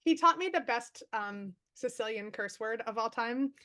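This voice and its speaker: A woman author on a video call, telling stories quickly and animatedly with lots of fillers. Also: fairly high pitch. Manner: fast, animated storytelling with many fillers. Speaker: author guest. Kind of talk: casual chat.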